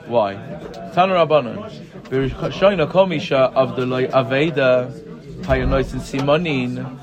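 Chatty man teaching a class. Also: fairly high pitch. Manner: reads the text aloud, then explains it in chatty English with many "right? yeah?" checks. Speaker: Talmud teacher. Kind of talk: chatty text study class. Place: study class with students present. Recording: room with group chatter heard.

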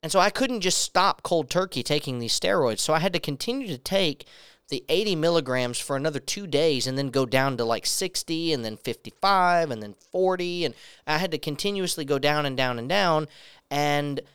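A man's voice: fairly high pitch, animated, moderate pace, a bit bright, clear, resonant tone, dry recording, studio quality. A young man giving a personal testimony as a sermon, earnestly telling a story and acting out the dialogue in it. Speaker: preacher.

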